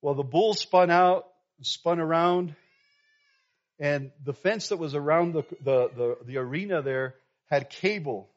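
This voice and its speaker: Lo-fi pastor preaching a story. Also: male voice, on the high side, unhurried. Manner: animated, builds from soft to loud while telling a story. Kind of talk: sermon storytelling. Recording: dull lo-fi sound.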